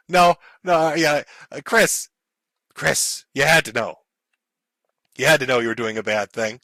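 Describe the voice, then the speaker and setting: A man's voice: medium pitch, expressive, unhurried, long pauses, sharp tone, no room sound. A man ranting and mocking on a live stream, swearing and sarcastic.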